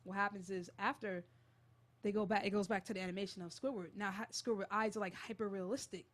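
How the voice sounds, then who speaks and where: A young woman hosting a college radio show, retelling a creepy story in a casual, animated and jittery way. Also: medium pitch, fast.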